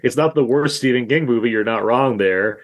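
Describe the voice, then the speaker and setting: A man's voice: medium pitch, a little fast. A man guest on a podcast, talking casually and bluntly about films, swearing now and then. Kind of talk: casual film discussion.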